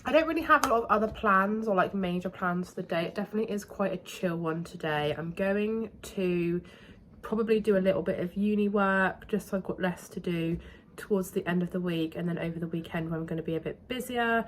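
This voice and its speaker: Young woman vlogger, low-ish voice gone hoarse; chatty, relaxed, filler-heavy delivery. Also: brisk, slight background noise. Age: young adult. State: losing her voice, hoarse. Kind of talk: casual vlog chat.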